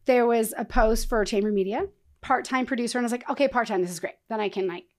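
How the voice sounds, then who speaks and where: A woman's voice: fairly high pitch, fast talker. A woman from Iowa, a guest on a podcast, telling her story in a casual, rambling way full of "like" fillers. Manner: rambling, many "like" fillers, frequent laughs. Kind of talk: casual interview talk.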